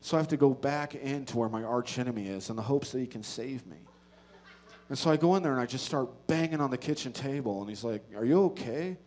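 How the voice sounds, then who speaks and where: Profane, animated stand-up comedian man. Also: quick pace. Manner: animated, profane, swings between loud outbursts and low asides. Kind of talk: stand-up storytelling. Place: comedy stage before a live audience.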